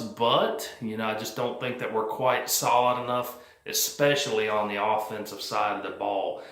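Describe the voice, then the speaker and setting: A man's voice: fairly low pitch, fairly even intonation, unhurried, pushed and bright, roomy sound. A man vlogging his post-game thoughts on his team, rambling and plain-spoken with many fillers. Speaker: sports fan vlogger. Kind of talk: casual post-game commentary. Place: cold house, indoors.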